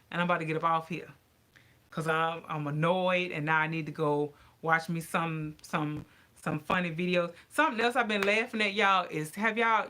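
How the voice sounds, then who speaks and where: Bright-voiced woman chatting animatedly. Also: lowish voice. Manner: animated, ranting, talks to viewers as y'all. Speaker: vlogger. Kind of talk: casual chat to camera.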